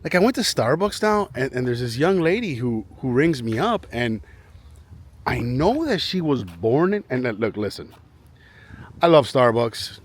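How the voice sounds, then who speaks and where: A man's voice: medium pitch, sing-song, unhurried. A man chatting to camera outdoors in a residential neighborhood, rambling and often repeating himself as he restarts sentences. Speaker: vlogger. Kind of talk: casual chat to camera.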